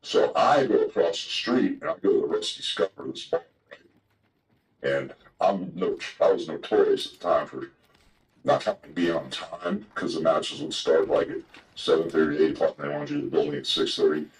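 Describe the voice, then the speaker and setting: Very deep-voiced older man telling yarns. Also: normal speed, rough recording. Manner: profane, rambling yarn-spinner. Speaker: guest telling old stories. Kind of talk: casual storytelling.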